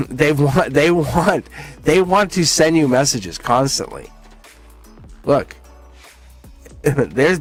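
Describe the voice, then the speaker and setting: A man giving a live-stream tarot reading, excited and rambling, with frequent laughs and restarts. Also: a little high. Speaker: tarot reader.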